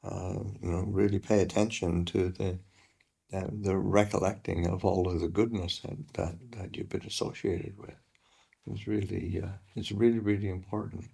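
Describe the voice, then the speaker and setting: A man, a Buddhist teacher, explaining a teaching in halting, hesitant conversation. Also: deep voice, level tone, creaky, mellow, slightly rough. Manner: halting, hesitant, many fillers. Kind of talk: conversational dharma talk.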